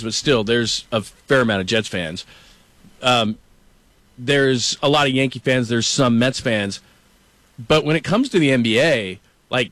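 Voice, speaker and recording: A man's voice: mid-range voice, no echo. Man, middle-aged, sports talk host, casual chat, storytelling, dry close sound. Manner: storytelling, animated, quotes people.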